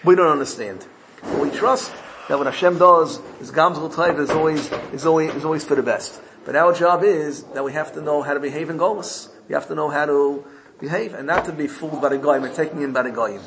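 A man giving a Torah sermon, telling a parable with animated storytelling and frequent self-corrections. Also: a little high, a little fast, noisy background.

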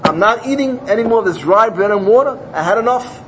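A man's voice: high voice, animated, quick pace, background noise, pitched above the performer's own voice. A man voicing an aggrieved young yeshiva student who protests plaintively.

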